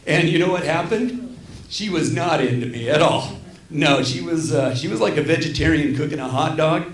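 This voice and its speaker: Gravelly man doing rambling stand-up. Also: fairly high pitch, moderate pace. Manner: self-deprecating, rambling with apologetic asides. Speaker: stand-up comedian. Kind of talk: stand-up comedy set. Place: small theater stage. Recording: roomy live theater sound.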